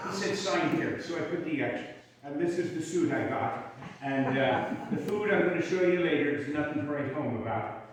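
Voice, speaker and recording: A man with an Irish accent plays an Irish Union soldier, chatting to his audience in a folksy, rambling way between songs. His voice sits high for a man. He is heard from a distance in a large, echoing hall. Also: lively intonation, moderate pace, over a noisy crowd. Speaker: living-history performer in character as an Irish Union soldier. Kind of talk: storytelling in character, with sung songs. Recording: echoey hall, mic far off.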